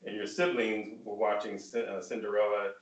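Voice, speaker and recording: A man's voice: fairly low pitch, little pitch movement, lo-fi sound. Guy hosting a chat, kinda rambly with lots of uhs, echoey room. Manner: rambling, halting, with many filler sounds. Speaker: host. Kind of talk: casual discussion. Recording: roomy, distant mic.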